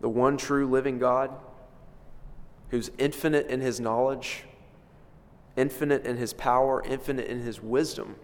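A man's voice: mid-range voice, steady tone, unhurried, pauses often. Preaching man in a reverberant hall. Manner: emphatic, swells and drops in loudness for stress. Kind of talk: expository sermon. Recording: long reverb of a large hall.

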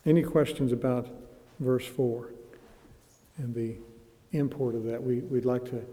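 Dark-voiced man teaching a Bible study. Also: mid-range voice, long reverb tail. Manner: conversational, with slow emphatic scripture quotes and restarts.

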